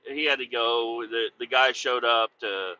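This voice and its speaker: A trucker man tells a rambling road story, swearing freely and laughing at his own jokes. His voice is piercingly bright and edgy. The recording sounds dull and lo-fi. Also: mid-range voice, unhurried. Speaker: truck driver and podcast host. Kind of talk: casual storytelling chat. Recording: dull lo-fi audio.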